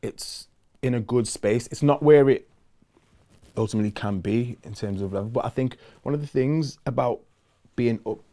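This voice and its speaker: A man, chatting casually as a musician guest in an interview, relaxed and loose with lots of fillers. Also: mid-range voice, moderate pace.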